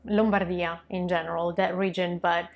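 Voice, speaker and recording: A young woman from Milan with an Italian accent, teaching a pronunciation lesson and modeling sounds slowly and clearly. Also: lowish voice, little pitch movement. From Milan, northern Italy. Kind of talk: online language lesson.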